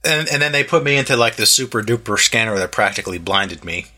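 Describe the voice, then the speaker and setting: A man's voice: lowish voice, animated, fast talker, sharp tone. A man in his thirties telling a long story in casual chat, rambling with lots of fillers and restarts and acting out what others said. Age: 30s.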